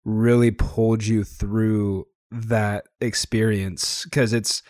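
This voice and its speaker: A man hosting a podcast, asking questions in a relaxed, casual way. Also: fairly low pitch, slow pace, no echo, studio quality. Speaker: podcast host. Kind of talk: casual interview chat.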